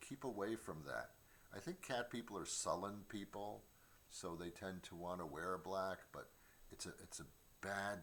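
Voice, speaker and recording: A man's voice: low voice, fairly bright tone. A middle-aged man hosting a comedy show from his home studio, rambling through a stand-up monologue with stammered restarts and mock voices. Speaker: comedian host.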